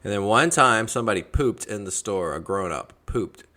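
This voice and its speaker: A man from Georgia hosting a podcast, telling his stories in a casual, animated and jokey way. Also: lowish voice, moderate pace. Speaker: podcast host. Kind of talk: casual storytelling chat.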